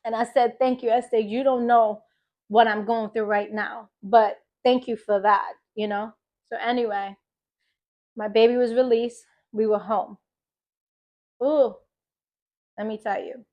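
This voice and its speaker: A woman in her thirties from the United States, sharing a personal testimony as a faith podcast host, telling her story with emphatic, animated delivery and acting out what others said. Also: on the high side, unhurried, long pauses, muffled recording.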